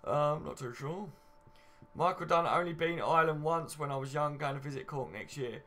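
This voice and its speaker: A man hosts a casual fan live stream, answering viewer comments one after another. His voice sits a little high and sounds bright and forceful. He talks in loose, friendly banter. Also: moderate pace. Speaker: fan channel host.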